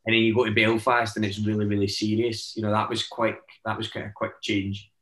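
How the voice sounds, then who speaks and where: A man's voice: on the low side, level tone, a little fast, a bit bright, roomy sound, a little hiss or hum, low-quality recording. A Scottish man chatting as a guest actor, telling stories in a rambling way with lots of "eh" fillers. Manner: rambling storytelling, many "eh" fillers. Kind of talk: casual chat.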